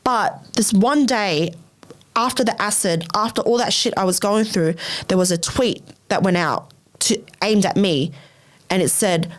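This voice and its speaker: A young woman hosting her own podcast, telling a personal story bluntly, swearing a lot and scattering "like" fillers, and her voice jumps high when she replays her own reactions. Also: moderate pace. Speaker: podcast host. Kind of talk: candid storytelling in a casual chat.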